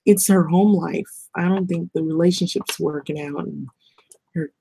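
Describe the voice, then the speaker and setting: A woman's voice: lowish voice, fairly even intonation, moderate pace, dark tone, slight background noise. A middle-aged woman talking bluntly and rambling in a casual vlog monologue, swearing and laughing often. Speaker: vlogger.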